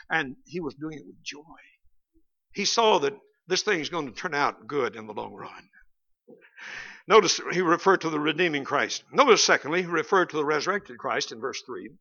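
Bright-voiced folksy Baptist preacher. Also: male voice, on the high side, animated, brisk, dull audio. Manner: folksy, humorous, rising to emphatic peaks. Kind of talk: sermon.

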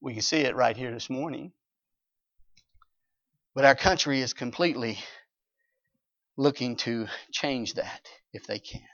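A man's voice: mid-range voice, unhurried, pauses often, a bit bright, no room sound. A man preaching a sermon, reading scripture and retelling it animatedly, acting out characters and chuckling. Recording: dull lo-fi recording.

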